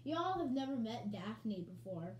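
A woman vlogging in casual chat to camera at home, bubbly and rambling, and quick to shout with excitement. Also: on the high side. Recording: echoey room, faint hum.

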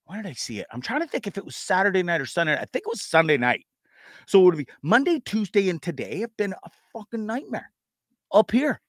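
A man's voice: high-pitched, very animated, quick pace, fairly bright tone, no echo, clean studio sound. A man hosting his own live talk show, rambling and chatty, swearing freely as he talks through ads and plans. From Canada. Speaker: podcast host. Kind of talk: casual live show monologue.

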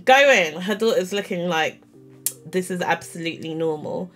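A woman's voice: on the low side, normal speed, soft background music. Chatty woman telling a story. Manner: animated, self-mocking storytelling full of "like" and quoted dialogue. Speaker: vlogger. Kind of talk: casual storytime chat.

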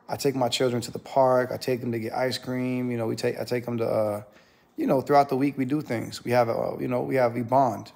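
Gravelly man telling a rambling story. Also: mid-range voice, darkish tone. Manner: rambling, full of "you know" and restarts, growing indignant. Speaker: pastor. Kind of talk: casual storytelling to camera.

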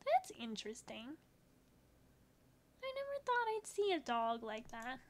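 Gushing high-voiced woman playing a game. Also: wildly swooping pitch, measured pace. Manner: gushing, squeals baby talk at virtual pets. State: voice strained from excitement. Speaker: gaming video creator. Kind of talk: excited game commentary.

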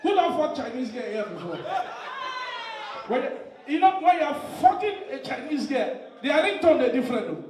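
A man from Nigeria with a Nigerian Pidgin English accent, doing stand-up comedy, swinging from shouted punchlines to low asides. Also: big pitch swings, normal speed, far from the mic, background noise. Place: live comedy stage. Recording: echoey venue heard from off mic. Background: laughing audience.

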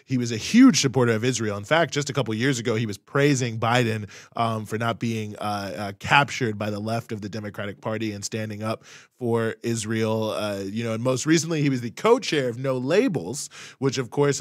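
A man's voice: on the low side, no echo, clean studio sound. A man co-hosting a political talk show, speaking bluntly and dismissively, with frequent uh fillers. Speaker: co-host. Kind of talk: casual political commentary.

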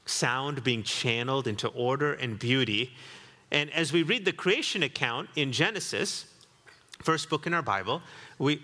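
A man's voice: medium pitch, sharp tone, in a large hall. A man preaching a sermon as pastor, reflective and building to emphatic repetition, in a church sanctuary.

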